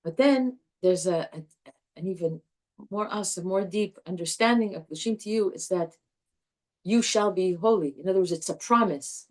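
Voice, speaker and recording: A woman teaching a live Torah class to a group, animated and chatty, restarting her sentences often. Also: lowish voice, normal speed.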